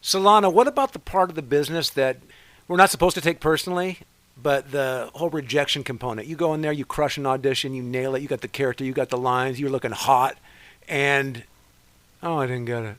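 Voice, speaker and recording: A man's voice: medium pitch, fairly even intonation, brisk, fairly bright tone, no room sound. A man hosting a podcast, chatting with his guest in an eager, playful way. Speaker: podcast host. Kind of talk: casual interview chat.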